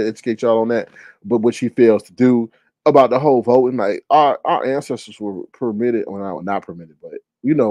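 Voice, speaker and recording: A man hosting a casual livestream chat, talking in a teasing, animated way. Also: mid-range voice, no echo. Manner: animated, teasing, Southern US Black vernacular speech. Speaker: livestream host.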